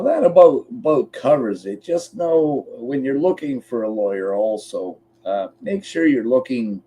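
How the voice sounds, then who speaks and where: A man's voice: lowish voice, dark tone, slight background noise. A man from Canada co-hosting a podcast, chatting casually and bluntly, swearing freely while walking through a website step by step. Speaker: podcast co-host. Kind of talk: casual chat.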